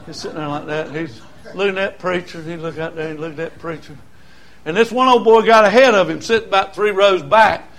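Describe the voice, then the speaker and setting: Older pastor, gravelly voice; folksy sermon, quiet stretches breaking into shouts. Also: male voice, sits high, a little fast.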